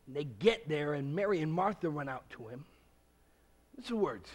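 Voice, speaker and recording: A man preaching a revival sermon, acting out the story's voices and building up to loud shouts. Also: a little high, lively intonation, moderate pace.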